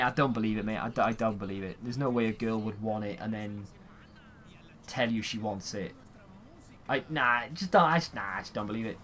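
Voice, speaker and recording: A young man talks through a game stream in a loose, rambling way, answering questions with dry sarcasm and the odd yawn. His voice sits at a middle pitch, and a faint hum of noise runs under it. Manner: rambling, sarcastic, yawning, swears freely. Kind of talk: casual chat while playing a game.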